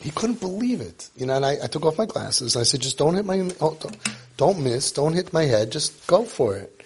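A man's voice: a little high, very animated, moderate pace, a little hiss or hum. A man coaching parents in an informal lecture, emphatic and repetitive, who drops Hebrew and Yiddish terms into his talk. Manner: acts out parents and kids in quotes.

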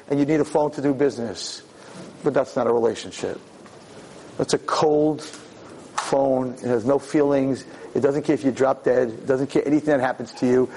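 A man lecturing as a rabbi in a Torah class, moving from quiet talk to loud, impassioned preaching before an audience. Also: medium pitch, a little hiss or hum, low-quality recording.

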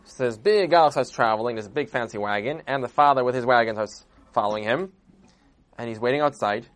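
A man telling a folk tale in a lively, conversational way, acting out the characters. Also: mid-range voice, fairly quick. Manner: lively, conversational, acts out voices. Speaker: storyteller. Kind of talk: animated oral storytelling.

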